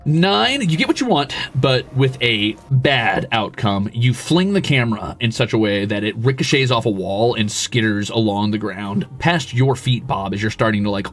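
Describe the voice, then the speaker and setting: A man running a tabletop game as game master, narrating in vivid, descriptive detail. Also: mid-range voice.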